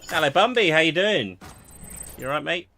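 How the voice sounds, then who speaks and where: A man's voice: on the high side, expressive, moderate pace, pushed and bright, a little hiss or hum. A man chatting casually with viewers while playing a game on a live stream, greeting people and muttering to himself.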